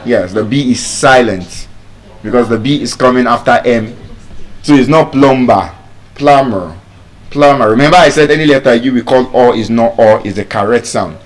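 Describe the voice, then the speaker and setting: A man's voice: medium pitch, fairly quick. A man with a Nigerian accent teaching English pronunciation, drilling words by repeating them. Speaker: pronunciation coach. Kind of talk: spoken English lesson.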